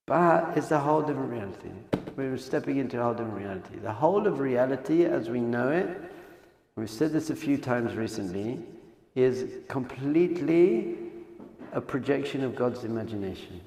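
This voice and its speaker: A man, a rabbi, giving an animated Torah class, swinging between hushed lines and loud exclamations. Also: medium pitch, moderate pace, creaky. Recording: echoey hall sound effect.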